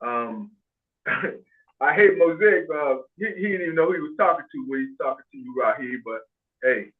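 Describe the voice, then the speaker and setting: Guy ranting on a video call, high lively voice, blunt and swears a lot, tinny phone-like sound. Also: moderate pace. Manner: blunt, animated, swears freely. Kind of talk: casual group video call chat.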